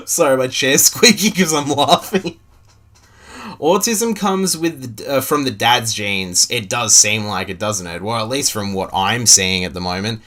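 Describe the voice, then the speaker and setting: A man's voice: mid-range voice, a little slow, sharp tone. A young man with an Australian accent, a streamer, talking in a taunting, profane, laughing way. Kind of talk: mocking streamer commentary.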